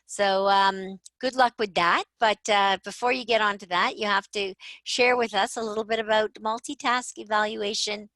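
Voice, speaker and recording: A woman's voice: medium pitch, fairly even intonation, normal speed, a bit bright, no room sound. A woman hosting a video-call webinar, introducing a guest in a chatty, conversational way and correcting herself lightly as she goes. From Canada. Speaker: webinar host.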